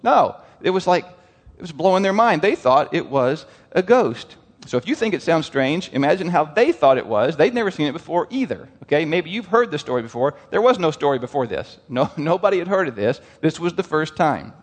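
Man, preacher, animated sermon, fairly high voice, long reverb. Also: a little fast. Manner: animated, asks the crowd questions, lively quoted voices.

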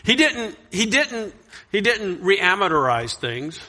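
Bright-voiced preaching man. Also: sits high, sing-song, takes it slowly. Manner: earnest preaching, rising loud on scripture, dropping soft on reflection. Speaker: pastor. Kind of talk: sermon.

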